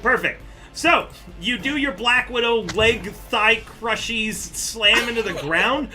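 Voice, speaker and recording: A man running a tabletop game on a live stream as game master, animated and often breaking into laughter as he explains rules. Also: extremely high pitch, slow pace, music in the background.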